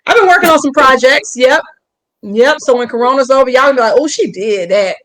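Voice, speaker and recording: A young woman comedian with an Atlanta accent, chatting in a casual interview over a call, animated and joking. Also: sits high, fast talker. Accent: Southern US, Atlanta. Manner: animated, joking, slips into put-on voices. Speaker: comedian guest. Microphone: phone or video call.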